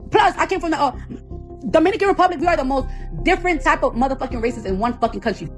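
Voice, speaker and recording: A woman's voice: high voice, expressive, fast, faint music behind. A woman ranting off the cuff as the founder of a hair product, profane and confrontational, repeating phrases over and over. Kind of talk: heated off-the-cuff rant.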